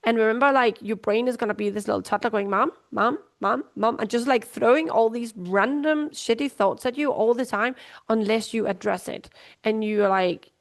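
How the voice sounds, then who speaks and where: A woman's voice: fairly high pitch, normal speed. A woman hosting a life coaching podcast from home, talking casually and acting out little voices as she explains. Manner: chatty, acts out little voices, swears casually. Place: at home, sitting down.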